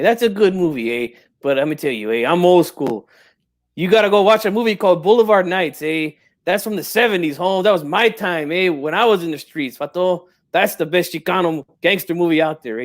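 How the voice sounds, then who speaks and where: Man doing a brash old-school boxing dad. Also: sits high. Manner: streetwise slang, tags every line with "eh" and "Holmes". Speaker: guest in character.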